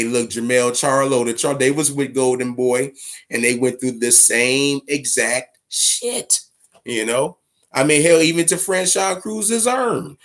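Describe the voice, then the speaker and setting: Profane gravelly man hosting boxing talk. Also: medium pitch. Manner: profane, storytelling, animated retelling. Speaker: boxing talk show host. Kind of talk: casual solo commentary.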